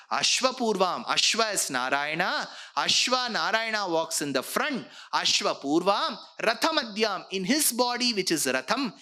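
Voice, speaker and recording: A man giving an expressive religious discourse, explaining scripture and breaking off to demonstrate sounds. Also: high voice. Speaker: spiritual lecturer.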